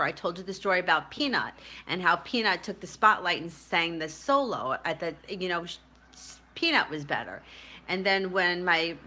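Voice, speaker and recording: A woman's voice: fairly low pitch, pushed and bright, slight background noise. A middle-aged woman telling a personal story to camera in a chatty, rambling way, often laughing at herself. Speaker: tarot reader and spiritual vlogger.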